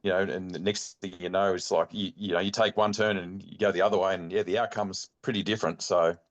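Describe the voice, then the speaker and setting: A middle-aged Australian man tells a hunting yarn as a podcast guest, his voice sitting on the low side. He talks in easy, slangy runs and acts out what his mates said along the way. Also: brisk, muffled recording. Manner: animated yarn-spinning, acts out quotes, laid-back slang. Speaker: podcast guest, bowhunting club chairman. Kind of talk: casual storytelling interview.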